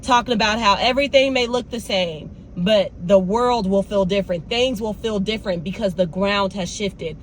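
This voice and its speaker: A woman's voice: medium pitch, normal speed, few pauses, a little hiss or hum. A young woman, talking casually and animatedly straight to her viewers in a vlog. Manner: animated, talks straight to viewers with "y'all" and "baby". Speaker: vlogger.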